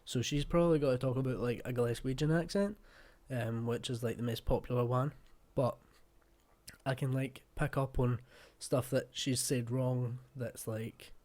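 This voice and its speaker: Chatty Fife Scottish man, mellow voice. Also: medium pitch, steady tone, normal speed. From Scotland, Fife. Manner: chatty, rambling, with many fillers. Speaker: reaction video host. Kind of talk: casual reaction chat.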